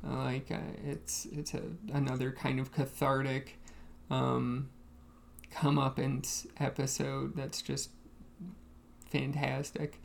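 Slow, gravelly podcast co-host. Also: mid-range voice, monotone. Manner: slow, halting, with many ums. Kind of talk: casual chat.

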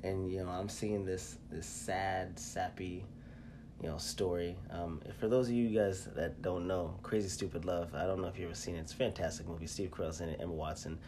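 Low-voiced man telling a story. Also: fairly even intonation, noisy background. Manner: storytelling, halting with fillers and restarts. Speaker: podcast co-host. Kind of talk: casual chat.

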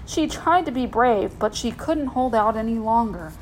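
A woman reading a children's storybook aloud in an expressive, gentle way. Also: on the high side, normal speed, noisy background.

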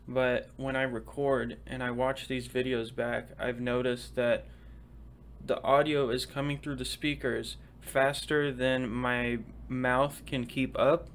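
A young man hosting a casual solo podcast, talking fast and swearing casually as he chats. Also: medium pitch, little pitch movement. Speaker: podcast host.

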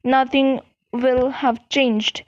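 A woman's voice: sits high, level tone, drawn-out words, no echo. Brief: upset clever teen witch, voiced by a woman reader, close dry lo-fi sound. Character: tearful clever teenage schoolgirl witch.

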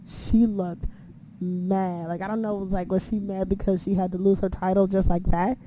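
A woman's voice: mid-range voice, little pitch movement, normal speed, background noise. A woman casually recapping a wrestling show, swearing freely and acting out her own reactions.

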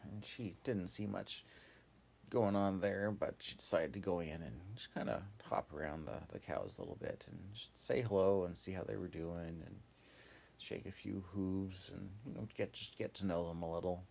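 A man spins a children's story off the cuff, wandering through asides and fillers. His voice is gravelly and a little husky, with a lively, rising and falling pitch. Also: moderate pace. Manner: meandering, casual, with many asides and fillers. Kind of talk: improvised children's story narration.

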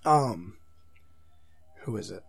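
A man's voice: fairly low pitch, animated, slow pace, creaky, husky, no echo. A congested man in casual podcast chat, rambling and trailing off mid-thought.

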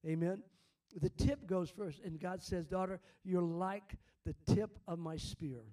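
A man's voice: high voice, a little slow, dark tone, far from the mic. A man ministering prophetic words over members of a congregation, fervent and repetitive, quoting God as speaking.

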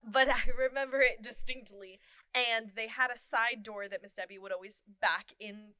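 A woman with a fairly high voice, telling backstage stories in a casual chat and laughing often. The sound is dry and close, with no room around it. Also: normal speed, dry recording. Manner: animated storyteller, laughs often. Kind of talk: casual chat about theater.

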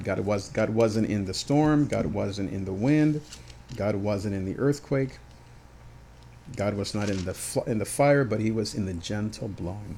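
A man's voice: lowish voice, creaky, a little hiss or hum. A man preaching a heartfelt devotional sermon on his podcast in an earnest manner.

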